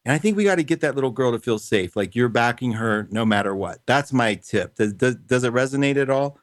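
A man hosting a call-in radio show, gently reassuring callers and calling them sweetie and honey. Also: medium pitch, animated, a little fast, no echo, clean studio sound.

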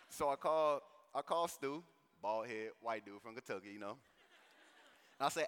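Bright-voiced man telling a story in an echoey hall. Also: mid-range voice, brisk, clear, resonant tone. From St. Louis, USA. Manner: animated, casual storytelling with lots of slang asides. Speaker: conference speaker. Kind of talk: personal testimony talk. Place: conference hall.

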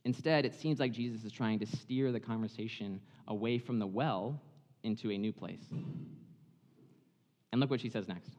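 Conversational preacher in a reverberant hall. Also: male voice, on the low side, normal speed, long pauses. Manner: animated, chatty, dramatizing the story. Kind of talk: sermon, conversational Bible storytelling.

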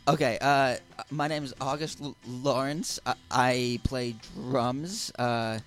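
Brief: shy stammering male guest, mid-pitched, faint music behind. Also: slow pace. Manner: hesitant, stammering. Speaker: drummer guest.

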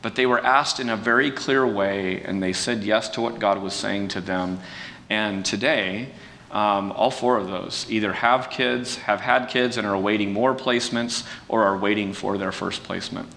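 A man preaching in a relaxed, conversational way, folksy and self-deprecating, with restarts and fillers. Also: normal speed, gravelly. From California. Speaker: pastor. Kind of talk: conversational sermon talk. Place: church sanctuary. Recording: distant mic with long hall reverb and faint rumble.

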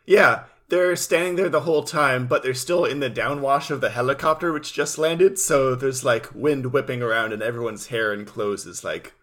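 A man's voice: medium pitch, moderate pace, hardly any pauses, a bit bright. A man co-hosting a casual recap chat with dry, wry commentary. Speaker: podcast co-host.

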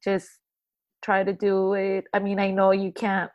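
A woman middle school teacher chatting casually on a podcast, telling lively stories. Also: mid-range voice, a little slow, dull audio. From Southern California. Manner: animated storytelling with acted quotes. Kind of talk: casual chat.

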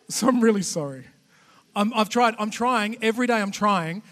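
Australian man, guest preacher, high pitched, animated, self-deprecating humor, long church reverb. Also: fairly quick. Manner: animated, self-deprecating, jokey, frequent restarts. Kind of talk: humorous conversational sermon. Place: church auditorium.

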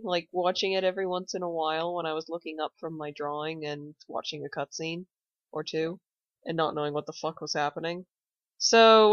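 A woman co-hosting a podcast, chatting casually, blunt and deadpan, swearing now and then. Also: fairly low pitch, no echo. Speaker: podcast co-host. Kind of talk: casual chat. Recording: dull, dry lo-fi podcast audio.

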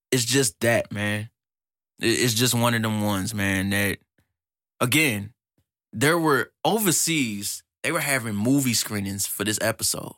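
A man hosting a podcast in an excited casual monologue, slangy and animated, laughing often and jumping up in pitch when hyped, on a close mic in a small studio. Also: no echo. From United States. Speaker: podcast host.

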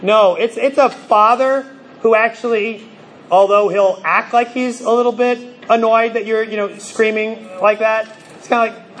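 High-voiced man preaching, animated. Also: moderate pace, slight background noise. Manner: animated storytelling with sudden loud bursts; conversational, many fillers like "you know". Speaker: pastor. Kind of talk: sermon.

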